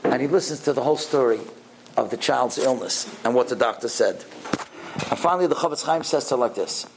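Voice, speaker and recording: A man telling a story in a sermon to a congregation, animated and peppered with Hebrew and Yiddish terms. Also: a little high, fairly quick, a little hiss or hum, low-quality recording.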